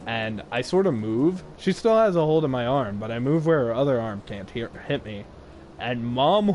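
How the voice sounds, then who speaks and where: A man's voice: mid-range voice, darkish tone, slight background noise. A young man casually telling a funny personal story while playing a game, laughing often and acting out the people he quotes. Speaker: gaming video host.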